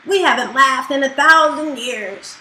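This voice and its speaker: A woman's voice: sits high, measured pace, pushed and bright, slight background noise. Brief: blunt, grumpy red-snouted dragon head, read by a woman, picture-book style, echoey room. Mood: grumbling.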